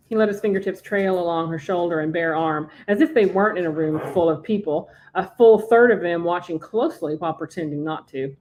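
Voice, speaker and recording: A woman's voice: on the low side, brisk, few pauses, darkish tone, slight background noise. Woman reading her novel aloud. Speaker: author, podcast guest.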